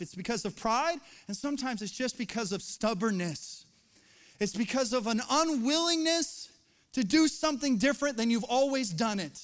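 A man's voice: very high-pitched, a bit bright. A middle-aged man preaching a sermon as pastor, conversational and joking, then building to emphatic points, recorded in a church sanctuary. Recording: long reverb of a large church hall.

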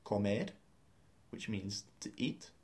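A man's voice: on the low side, slow pace, darkish tone. A man teaching a beginner language lesson, explaining grammar step by step and spelling out words letter by letter.

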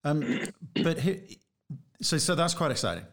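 A man hosting a conversational interview, speaking in a measured, reflective way and often restarting phrases. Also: a little high, big pitch swings, fairly bright tone.

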